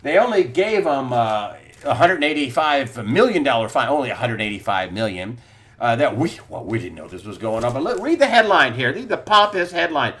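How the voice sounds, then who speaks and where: A man's voice: medium pitch, very animated, moderate pace, a bit bright. A middle-aged man hosting a solo news commentary, talking in an incredulous, sarcastic way and laughing scornfully at the stories he reads.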